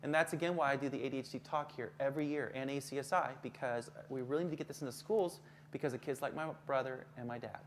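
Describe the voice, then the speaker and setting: A man presenting a live workshop to teachers as a school counselor, lively, then dropping to a soft low voice for calm examples. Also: fast talker, slight background noise.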